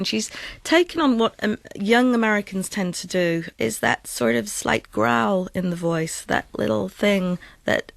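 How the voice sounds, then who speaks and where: A woman's voice: medium pitch, creaky, dry recording. Northern English woman voice coach explaining. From Northern England. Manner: animated, explanatory, mimics accents. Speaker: voice coach, guest. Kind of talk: radio interview. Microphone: studio mic, dry.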